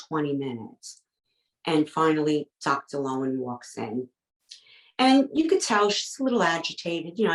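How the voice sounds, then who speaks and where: A woman's voice: low voice, roomy sound, low-quality recording. A woman, a podcast guest, telling a personal story with an urgent, emotional edge and quoting the back-and-forth dialogue. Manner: recounts events with quoted back-and-forth dialogue.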